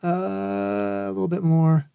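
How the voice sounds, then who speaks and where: A man chatting loosely as a podcast guest, wandering through his thoughts with plenty of fillers. His voice sits a little high. The recording is close and dry. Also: unhurried, gravelly, clear, resonant tone, no echo, lo-fi sound. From Georgia, USA. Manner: relaxed, rambling with frequent fillers. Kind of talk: casual chat.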